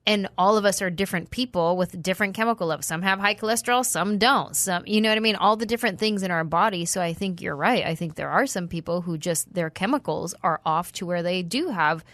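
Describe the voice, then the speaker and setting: A woman's voice: lowish voice, fast talker, few pauses, fairly bright tone, no echo. A woman chatting on a podcast in an emphatic way, joking about herself and explaining things at length. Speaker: podcast co-host. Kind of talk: casual podcast chat.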